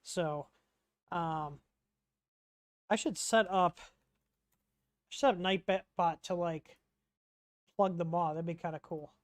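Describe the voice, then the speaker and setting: A man's voice: a little high, slow, long pauses, dry recording. A man hosting a casual livestream Q&A, rambling and chatty, reading out chat questions with lots of ums.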